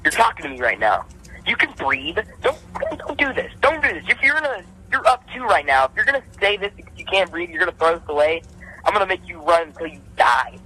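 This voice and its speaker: A man's voice: high voice, big pitch swings, quick pace, pushed and bright, slightly rough, full character voice, rough recording. A young man putting on the voice of his stern boxing coach scolding him between rounds. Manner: blunt, scolding. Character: stern male boxing coach, blunt and pushing.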